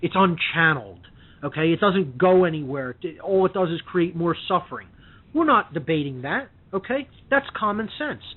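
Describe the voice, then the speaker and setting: A man's voice: on the high side, animated, normal speed, breathy edge. Impassioned man on a tinny phone line. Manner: emphatic, repeats "okay?" to drive points home. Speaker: radio show guest. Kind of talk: impassioned lecturing talk. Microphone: telephone.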